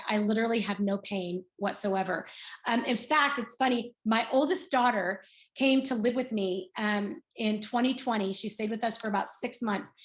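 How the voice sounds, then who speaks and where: Chatty woman in her sixties, roomy echo. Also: medium pitch. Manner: chatty storytelling, acts out quoted dialogue. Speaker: guest speaker. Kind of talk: personal testimony on a video call.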